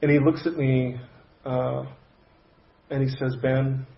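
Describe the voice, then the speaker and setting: Guy preaching, telling a story, kinda halting, roomy slightly dull sound. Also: medium pitch, level tone, creaky. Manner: conversational, halting with restarts and soft pauses. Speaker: pastor. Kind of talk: sermon storytelling. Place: church sanctuary.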